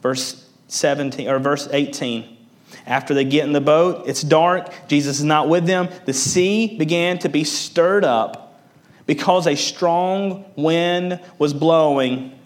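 Man preaching with rising emphasis. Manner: preaching with rising emphasis, then dropping low for weight; restarts and repeats words while explaining. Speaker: pastor. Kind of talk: sermon.

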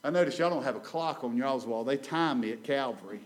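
A male guest preacher, giving a Sunday sermon in a church, swinging between loud and soft and repeating phrases for emphasis. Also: medium pitch, fairly quick. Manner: dramatic rises and drops in volume, repeats phrases, calls for amen. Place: church sanctuary.

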